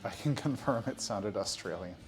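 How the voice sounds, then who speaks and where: A man's voice: fairly low pitch, expressive, moderate pace, loud music behind the voice. A man bantering and teasing in casual chat on a cooking stream. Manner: teasing, joking. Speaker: co-host chatting on a cooking stream.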